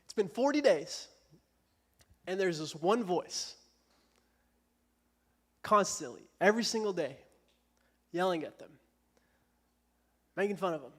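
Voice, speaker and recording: A man's voice: sits high, lively intonation, unhurried, long pauses, fairly bright tone. A young man preaching a casual youth sermon in a church, joking and self-deprecating.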